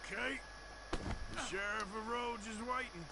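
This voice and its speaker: An actor playing a gruff outlaw bounty hunter who talks in a low, drawling, dry-witted way. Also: male voice, steady tone, measured pace, heavy background noise. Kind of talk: video game dialogue.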